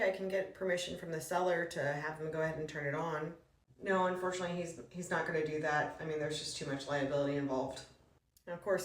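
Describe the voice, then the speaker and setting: A woman real estate broker acting out a comedic reenactment of her phone calls, talking in a brisk, polite, businesslike way. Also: deep voice, echoey room, distant mic.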